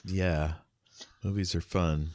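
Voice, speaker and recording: A man hosting a podcast, chatting in a relaxed, easygoing way and drifting into asides. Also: low voice, takes it slowly. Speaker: podcast host. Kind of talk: casual podcast chat.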